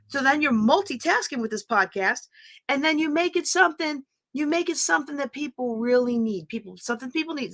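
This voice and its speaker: Lady teaching live, high bright voice, gets all excited and screechy. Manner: chatty, excitable, talks straight to viewers. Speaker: podcast host teaching a live class.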